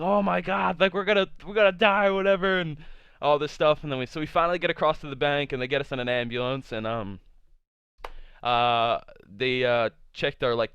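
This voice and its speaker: A young male vlogger tells a casual storytime tale in a smooth, mid-range voice that's a bit bright. He rambles, leans on "like" constantly, and swears a lot, and though there's no echo, the lo-fi recording sounds dull.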